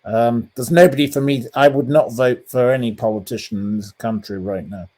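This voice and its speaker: An English journalist with a British accent gives blunt, scathing opinions as a guest in an interview over a call. His mid-range voice is mellow, fairly even and moderately paced, full of ums and restarts.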